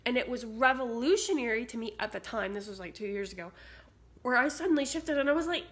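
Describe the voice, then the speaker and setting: Indoors in a house with cats, a woman vlogging about spirituality chats to her phone camera in a fairly high, expressive, slightly bright voice at a quick pace. Bubbly and talkative, she fills her speech with "like."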